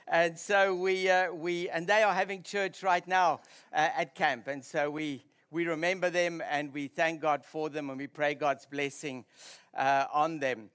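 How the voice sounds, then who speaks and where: High-voiced man preaching a sermon. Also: steady tone, measured pace, clean tone. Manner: warm-up chat before preaching, restarts mid-sentence. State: tired from little sleep. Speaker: pastor. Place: church hall.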